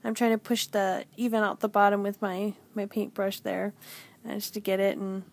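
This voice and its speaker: A woman's voice: medium pitch, steady tone, unhurried, gravelly. A woman in her forties hosting a stamping craft tutorial, chatty and self-deprecating with many ums. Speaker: stamping demonstrator and channel host. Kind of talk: casual craft tutorial narration.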